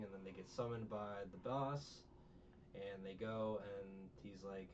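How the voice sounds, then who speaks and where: The speaker is a man with a lowish voice and a measured pace, co-hosting a podcast and recapping a show. He chats casually, rambling and joking with many fillers and quoted voices, and the audio is dull, distant and faintly noisy.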